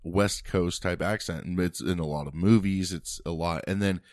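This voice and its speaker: A man, co-hosting a podcast in relaxed, rambling casual chat. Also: sits low, normal speed, dry recording, studio quality. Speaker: podcast co-host.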